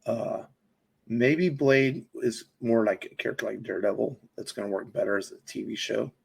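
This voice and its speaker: Talking movies on a podcast he co-hosts, this man wanders loosely through the conversation, restarting often and filling gaps. His voice is fairly low, gravelly, and slightly rough, at a normal pace.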